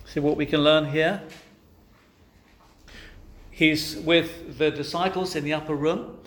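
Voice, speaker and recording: A man delivers a sermon in a slightly higher-than-average voice. He questions his listeners rhetorically and presses each point with firm emphasis. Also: steady tone, slow pace. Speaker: preacher.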